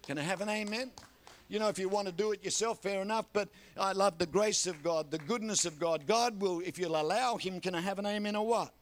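Older aussie preacher guy, high-pitched, keeps asking the crowd for an amen. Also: fairly quick. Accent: Australian. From Australia. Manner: animated storytelling with repeated audience call-outs. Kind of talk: sermon.

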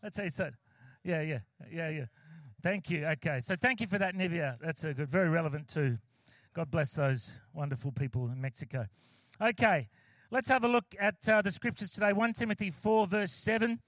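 A man's voice: on the high side, normal speed, a bit bright, no room sound. A man, a pastor giving a casual, joking sermon with many fillers and restarts, close to the mic.

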